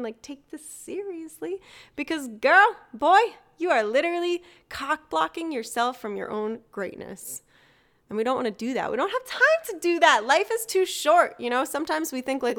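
A woman's voice: high voice, fairly bright tone. A woman hosting a motivational solo podcast, talking casually, laughing easily and swearing now and then. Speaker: podcast host.

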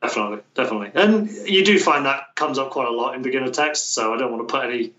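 A man's voice: mid-range voice, lively intonation, racing, pushed and bright. A British man chatting as an interview guest, talking in a loose way with many restarts and fillers. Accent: British English. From Britain. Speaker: guest, language coach. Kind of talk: casual interview chat. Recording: roomy, distant, dull remote-call sound.

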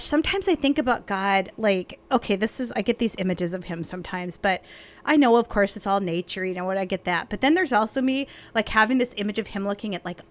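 A woman co-hosting a faith podcast, talking in an effusive, emotional way with frequent laughter. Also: mid-range voice.

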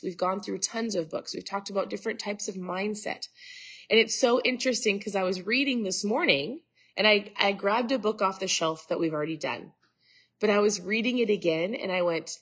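Her mid-range voice carries a breathy edge as this Minnesota host, a middle-aged woman, talks with her live stream audience. Congested, she welcomes people by name and keeps slipping into asides.

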